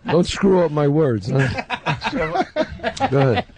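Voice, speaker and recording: A man's voice: a little high, animated, unhurried, background noise. A man appearing as an actor guest, encouraging others in casual radio chat. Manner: encouraging, husky.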